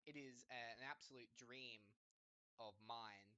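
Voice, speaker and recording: Aussie guy on a podcast, earnest and a bit speechy, sharp bright tone. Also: medium pitch, a little slow, no echo, poor audio. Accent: Australian. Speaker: podcast co-host. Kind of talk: casual podcast discussion.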